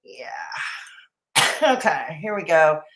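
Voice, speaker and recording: A woman's voice: low voice, sing-song, takes it slowly, roomy sound, noisy background. A woman doing casual reaction commentary, mocking and sarcastic, with laughing asides while she reads chat. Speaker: commentary streamer reacting to a video.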